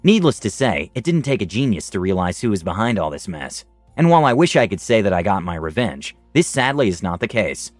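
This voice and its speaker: Lively low-voiced male storyteller. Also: brisk, no room sound, faint music behind. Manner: dramatic storytelling, lively rise and fall. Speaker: narrator. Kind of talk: first-person fantasy story narration.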